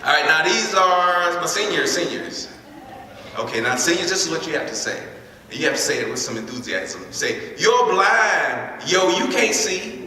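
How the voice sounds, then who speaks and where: A man leading a lively interactive talk with students in a school hall, often repeating his words as he starts sentences. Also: on the high side. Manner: repeats words, energetic crowd prompts. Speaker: speaker leading a school workshop. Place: large echoey school hall. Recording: echoey hall recorded from far off.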